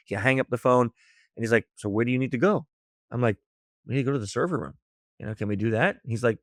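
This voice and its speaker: An American man sits close to a dry, dead microphone and tells his story with real relish. His voice is mid-pitched, and he keeps jumping up and down in tone to act out each person in the tale. He laughs easily as he goes. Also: quick pace, no room sound. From United States. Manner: lively storyteller acting out dialogue, laughs often. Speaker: guest, social engineer. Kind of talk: animated storytelling in a podcast interview.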